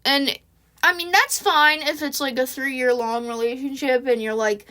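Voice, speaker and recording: A woman's voice: sits high, steady tone, measured pace, pushed and bright. A woman telling a casual storytime, sarcastic and slangy, swearing freely as she talks into a home recording mic. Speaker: vlogger.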